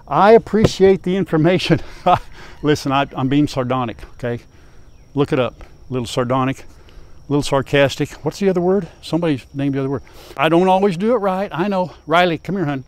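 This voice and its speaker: A man's voice: fairly high pitch, a little fast. An older man hosting a farm vlog outdoors, chatting in a folksy, wry way to viewers. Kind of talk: casual vlog to camera. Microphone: lapel.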